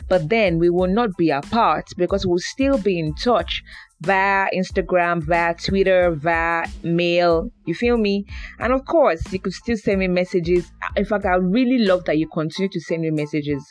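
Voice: mid-range voice, measured pace, soft background music. A podcast host with a Nigerian accent talking to listeners in a chatty, playful monologue, often repeating words for emphasis. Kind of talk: casual monologue.

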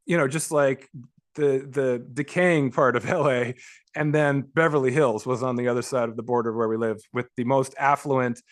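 A man in his forties tells stories from his childhood as an interview guest. He is animated, laughs often through his anecdotes and restarts his sentences a lot. His voice sits at an ordinary pitch for a man. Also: moderate pace. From Los Angeles. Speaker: author and guest. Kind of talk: conversational storytelling.

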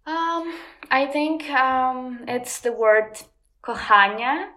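A woman's voice: high-pitched, steady tone, extremely slow, bright, forceful tone. A woman with a Ukrainian accent, a guest in a casual interview, speaking hesitantly with many ums and uhs. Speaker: guest, language teacher.

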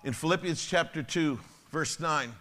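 A man preaching a sermon as a pastor, telling stories in an animated way and swinging from loud to hushed. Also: fairly high pitch, normal speed.

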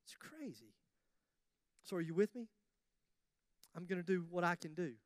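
A high-pitched man preaching to his congregation in a lively, joking, conversational way. His voice is close and dry, with almost no room sound around it. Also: moderate pace, dry recording. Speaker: pastor. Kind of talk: sermon.

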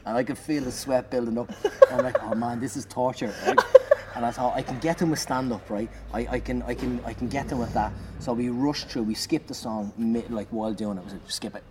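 A man, a comedian, telling an animated anecdote in conversation, swearing and shouting out the lines he acts. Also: medium pitch, brisk. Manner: animated, swearing, loud acted-out bursts. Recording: noisy background.

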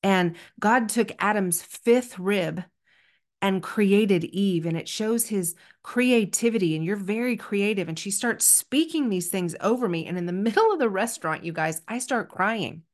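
A woman's voice: medium pitch, a little slow. A middle-aged woman hosting a podcast, telling a story in an earnest, chatty and self-deprecating way. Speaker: podcast host. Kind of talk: casual solo podcast storytelling.

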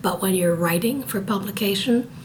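A woman's voice: medium pitch, normal speed, slight background noise, rough recording. An older woman with a cold, talking as an interview guest in a precise, thoughtful way with wry jokes. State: stuffy from a cold. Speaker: guest, copy editor. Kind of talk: conversational interview.

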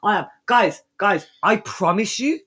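Sweary husky woman. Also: medium pitch, expressive, measured pace. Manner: loud, sweary, laughing banter. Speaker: podcast co-host. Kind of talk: casual chat.

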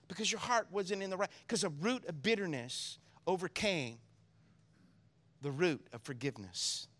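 A man preaching a sermon as pastor, drawing in the congregation with call-and-response asides, moving between quiet solemn reading and loud excited preaching. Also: high voice, moderate pace.

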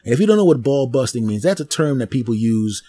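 A man at a podcast mic tells a comedic story with lively repetition and sound effects. His voice sits at an average pitch for a man, and the room is dry and close. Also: quick pace, slightly rough, no echo. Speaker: podcast host.

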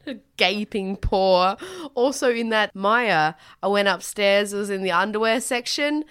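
A woman's voice: medium pitch, a little slow, clean tone. A young woman, chatting casually and telling funny stories with lots of laughter. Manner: animated storyteller, laughs often. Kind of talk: casual chat.

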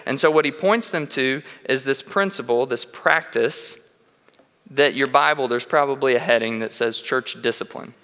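A man's voice: mid-range voice, moderate pace, pushed and bright. A man preaching a sermon in a church, telling candid personal stories in an earnest way and often restarting his sentences. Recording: long reverb of a large hall.

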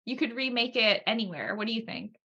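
Bright-voiced British woman chatting. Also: on the high side, lively intonation, fairly quick, gravelly, breathy edge, muffled recording. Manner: chatty, asks her co-host questions. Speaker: podcast co-host. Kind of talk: casual film discussion.

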